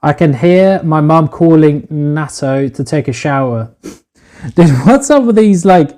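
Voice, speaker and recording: A man's voice: fairly high pitch, expressive, a little slow, dark tone. A man streaming himself cooking in a home kitchen on a phone, chatting casually, swearing freely and calling his viewers "boys". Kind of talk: casual live-stream chat while cooking.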